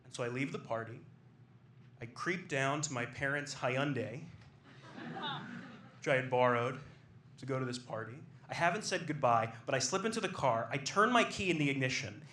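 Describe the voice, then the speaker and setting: A young man doing storytelling stand-up on a comedy club stage, excitable and animated as he acts out what people said. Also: mid-range voice, normal speed, slight background noise. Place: small comedy club stage with live audience. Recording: roomy club sound with faint ambience.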